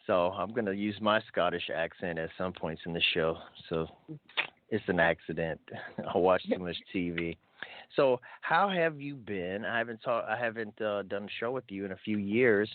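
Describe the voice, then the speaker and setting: Low-voiced chatty radio host, man. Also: fairly even intonation, normal speed. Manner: chatty, upbeat, lots of fillers and restarts. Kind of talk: casual call-in show hosting. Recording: thin phone-like audio.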